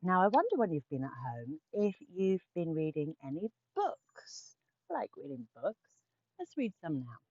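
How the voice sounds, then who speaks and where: A woman's voice: fairly low pitch, moderate pace, no room sound, lo-fi sound. Playful woman leading kids' yoga. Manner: playful, animated, sing-song for children. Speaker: kids yoga teacher. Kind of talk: children's yoga class with storytelling.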